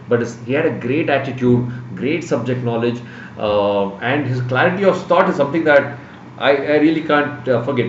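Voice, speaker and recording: A man teaching an online exam-prep class, explaining calmly and pausing often with "uh" while answering students' questions. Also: mid-range voice, a little hiss or hum. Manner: calm, unhurried explaining with frequent "uh" pauses. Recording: echoey, dull audio from a distant mic.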